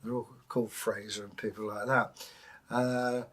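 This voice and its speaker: A middle-aged English man co-hosting a casual chat, telling anecdotes and slipping into quick impressions of other voices. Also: lowish voice, level tone, fairly bright tone. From England. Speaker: co-host.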